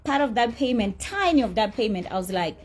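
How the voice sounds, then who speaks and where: Indignant husky woman telling her side. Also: fairly high pitch, lively intonation, a little fast. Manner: indignant, blunt, swearing. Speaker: celebrity recounting a dispute. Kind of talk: heated personal storytelling.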